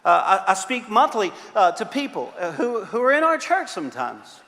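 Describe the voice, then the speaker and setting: A middle-aged man preaching a sermon as pastor, telling animated stories with frequent uh fillers and repeats. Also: sits high, moderate pace. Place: church sanctuary. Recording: long reverb of a large church hall.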